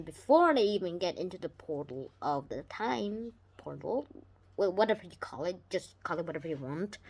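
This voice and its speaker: An excited child talks through a homemade video report, piling up restarts as the thoughts run ahead. The voice sits at a middling pitch but jumps up and down in loudness and tone while explaining. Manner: eager, rambling explanations with frequent restarts. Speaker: video reviewer. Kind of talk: casual spoken video report.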